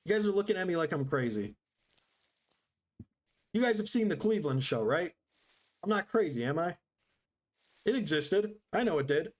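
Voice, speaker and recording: Joking, animated male streamer. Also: high-pitched, normal speed, pauses often. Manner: joking, sarcastic, rambling. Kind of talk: casual live-stream chat while gaming.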